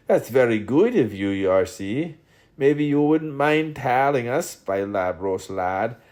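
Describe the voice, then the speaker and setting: A man reading a literary audiobook aloud in a theatrical way, shifting his pitch and loudness between the quoted speakers. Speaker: audiobook reader.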